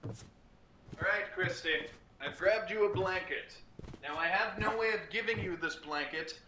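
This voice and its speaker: A man's voice: high-pitched, background noise. A man streaming a game with a friend, keeping up casual joking banter. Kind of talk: casual gameplay chat.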